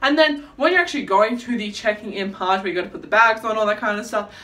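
A woman chatting to camera in a casual vlog, telling stories in an animated, dramatic, self-mocking way. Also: medium pitch, fast talker, far from the mic. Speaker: vlogger.

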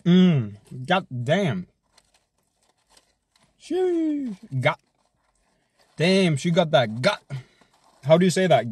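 Hyped, husky-voiced man eating on stream. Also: high voice, very animated, very slow, long pauses, a little mellow, dry recording. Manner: hyped, joking, swears a lot, chews and hums between bites.

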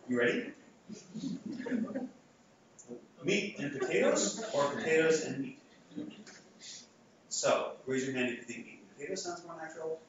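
A man's voice: medium pitch, background noise. A man giving an academic lecture to a live audience, talking conversationally with frequent restarts and fillers. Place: lecture hall. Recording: echoey hall, far from mic, dull sound.

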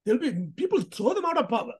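A female host delivering casual vlog commentary with emphatic punches and rhetorical questions. Her voice sits a little high with a husky, breathy texture, and her pitch leaps about constantly. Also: quick pace. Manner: animated, emphatic, with frequent restarts and rhetorical questions.

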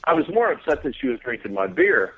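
This Texas guest talks fast in a husky, creaky voice on the high side, his pitch swinging wildly as he laughs through a profane tale. The podcast chat is casual, and his phone line comes through tinny.

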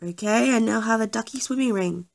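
Gravelly-voiced young woman gaming. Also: on the high side, fairly quick. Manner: self-deprecating, apologetic, chatty. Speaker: gaming YouTuber. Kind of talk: casual gameplay commentary.

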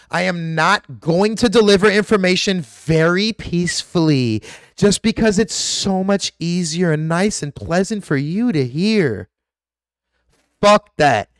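A man's voice: a little high, no room sound, studio quality. A man delivering an aggressive, profane, preachy rant straight to his viewers as a vlogger. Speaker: conspiracy vlogger. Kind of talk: ranting monologue to camera.

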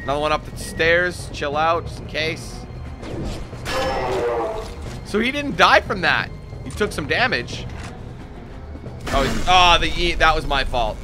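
A man giving casual, excitable gameplay commentary, swearing often and yelling when things go wrong. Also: fairly high pitch, measured pace, pauses often, music in the background. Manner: excitable, swears a lot, yells when panicked. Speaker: let's play commentator.

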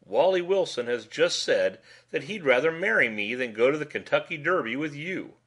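A man voicing a sharp-tongued young woman who speaks in a pseudo-petulant way. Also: fairly high pitch, expressive, normal speed, pitched above the performer's own voice.

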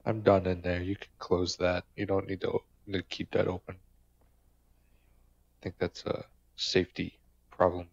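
Gravelly young man joking through gameplay. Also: sits low, monotone, unhurried, long pauses, muffled recording, slight background noise. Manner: joking, swearing, talks to game characters. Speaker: gamer. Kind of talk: casual gameplay commentary.

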